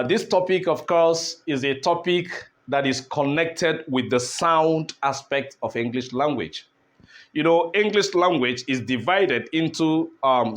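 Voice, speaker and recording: A man teaching an English lesson at a board, speaking deliberately, repeating key words and asking rhetorical questions. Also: a little high.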